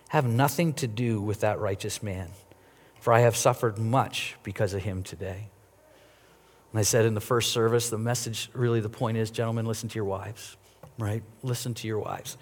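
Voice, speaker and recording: A man's voice: medium pitch, big-room sound. A man preaching a sermon as a pastor, earnest, often repeating words as he rises and falls in volume.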